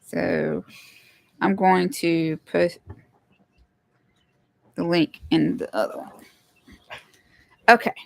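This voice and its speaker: A woman's voice: lowish voice, steady tone, very slow, vocal fry, long pauses, darkish tone. Chatty woman hosting a livestream. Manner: chatty, greets viewers, apologizes for tech trouble. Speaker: livestream host, homesteader. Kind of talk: casual livestream chat. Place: home.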